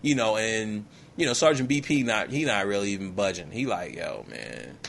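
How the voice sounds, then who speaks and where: A man recaps a film for laughs in loose street slang, his voice bright and forceful. He keeps the story rolling with "yo, man" and "you feel me," and jumps into quick impressions of the characters along the way. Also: lowish voice, slight background noise. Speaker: podcast host. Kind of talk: comedic movie recap.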